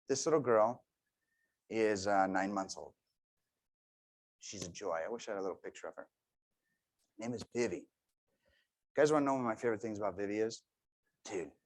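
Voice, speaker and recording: Energetic man giving a motivational talk. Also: medium pitch. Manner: energetic, storytelling, swings from quiet asides to loud bursts. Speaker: motivational speaker.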